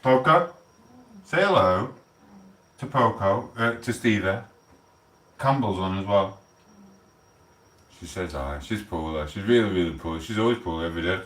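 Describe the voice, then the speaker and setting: A man with a Sheffield accent, chatting casually on a live stream, rambling and swearing with loud outbursts. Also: low voice, expressive, moderate pace, pauses often, roomy sound, recorded from a distance. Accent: Sheffield, South Yorkshire. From England.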